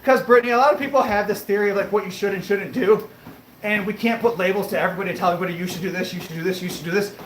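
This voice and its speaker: A man livestreaming while on a treadmill, chatting casually and answering viewer comments, a bit breathy as he talks between breaths. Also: high-pitched, fairly even intonation, rapid-fire, echoey room, slight background noise, rough recording. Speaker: fitness livestreamer.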